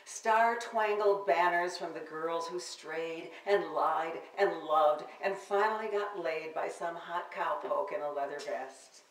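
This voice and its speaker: A woman's voice: lowish voice, measured pace, few pauses. Older woman poet, wry and theatrical reader; live bookstore reading, roomy sound. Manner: wry, theatrical delivery of verse. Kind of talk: public poetry reading with spoken asides. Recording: roomy, distant live-event recording.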